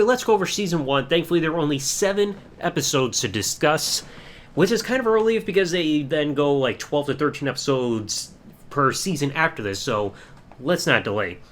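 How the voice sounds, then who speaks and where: A man's voice: mid-range voice, a bit bright. A young man hosting a casual solo review podcast, rambling along and swearing casually. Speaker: podcast host.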